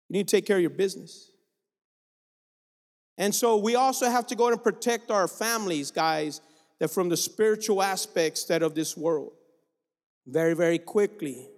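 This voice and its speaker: A male guest preacher delivering an exhorting sermon, calling out to the congregation in a church sanctuary. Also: a little high. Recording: long reverb of a large room.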